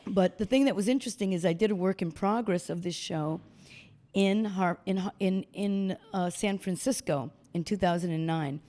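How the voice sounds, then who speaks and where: Older woman telling lively stories. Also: medium pitch, moderate pace. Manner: animated storyteller acting out quoted voices. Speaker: guest speaker. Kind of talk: storytelling talk. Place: stage talk before an audience.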